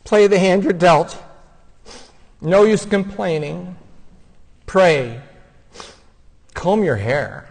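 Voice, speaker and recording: A man delivers a funeral homily in a gentle, heartfelt way. His voice sits a little high, and he speaks at a very slow, unhurried pace. Long reverb from the church trails after his words. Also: vocal fry. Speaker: homilist and son of the deceased.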